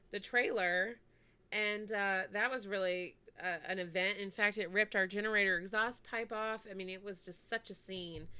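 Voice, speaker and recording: Bright, clear-voiced chatty woman podcaster. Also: medium pitch. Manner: chatty, full of "like" and "anyway". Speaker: podcast co-host. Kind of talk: casual storytelling chat.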